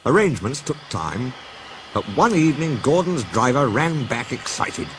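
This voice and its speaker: A man reads a storybook aloud with an expressive, animated delivery. His pitch ranges widely, and a clear hiss of background noise sits under the voice. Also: moderate pace. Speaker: narrator. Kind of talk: storybook narration. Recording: noisy background ambience.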